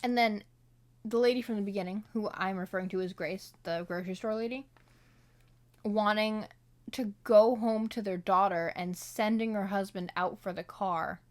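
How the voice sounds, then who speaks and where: A woman's voice: medium pitch, steady tone, normal speed. A woman casually talking through her notes on a film, rambling with lots of fillers and asides. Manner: slips into playful accents when quoting. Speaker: solo vlogger reviewing a film. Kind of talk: casual commentary read from notes.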